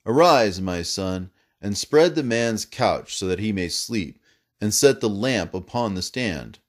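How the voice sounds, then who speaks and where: A man's voice: fairly low pitch, expressive, measured pace. A man voicing a hospitable, grave old male patriarch with a solemn, commanding manner.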